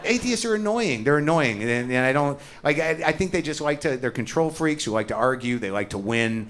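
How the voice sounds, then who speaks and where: A man's voice: mid-range voice, animated, fairly quick, a bit bright. A man doing stand-up comedy, ranting in a sardonic, profane way.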